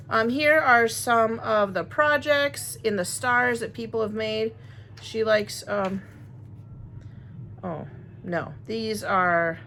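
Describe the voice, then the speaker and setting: A woman's voice: fairly high pitch, vocal fry, fairly bright tone, slight background noise. A woman chatting casually to her viewers, rambling and friendly as she unboxes crochet supplies. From Wisconsin, USA. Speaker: crochet vlogger.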